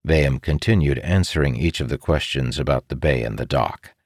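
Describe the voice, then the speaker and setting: A man narrating a fantasy audiobook in a steady, expressive way. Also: very deep voice, brisk, no room sound, clean studio sound.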